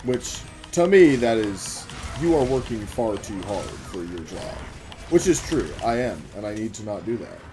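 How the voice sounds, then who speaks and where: A man's voice: fairly low pitch, sing-song. Guy ranting about work while gaming, swears a lot, kinda coughy, music going underneath. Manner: swearing, rambling, quick asides to the game. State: getting over a cough. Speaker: gaming vlogger telling a work story. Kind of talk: casual storytelling while playing a game.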